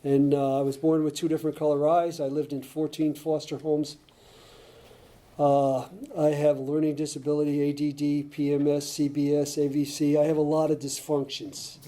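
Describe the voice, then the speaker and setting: An older man from Connecticut telling his life story at a recovery meeting, rambling and halting with many restarts, chuckling at his own tales. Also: fairly high pitch, level tone, warm tone. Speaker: AA speaker.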